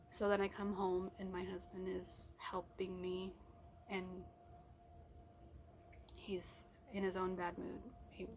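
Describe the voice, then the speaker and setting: A woman's voice: on the low side, gravelly, a little hiss or hum. A middle-aged woman rambling in a casual personal vlog, talking to herself with restarts. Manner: rambling, self-talk with restarts. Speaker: vlogger. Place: car or at home.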